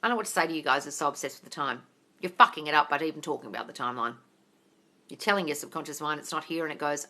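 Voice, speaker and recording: A woman's voice: low voice, very fast, sharp tone. A woman answering viewer questions on a phone livestream about manifesting. She is blunt, swears often and calls her viewers darling.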